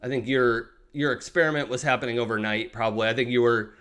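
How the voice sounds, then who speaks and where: A man runs a tabletop game at a middle pitch, describing scenes to his players. He hesitates often, circling back with ums and restarts before landing each thought. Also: fast talker, fairly bright tone, clean tone. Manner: hesitant, many fillers and restarts. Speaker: game master.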